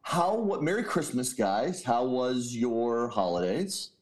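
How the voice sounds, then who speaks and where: A man's voice: medium pitch, animated, takes it slowly. A man hosting a casual chat, prompting the others and reacting with exclamations. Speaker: podcast host.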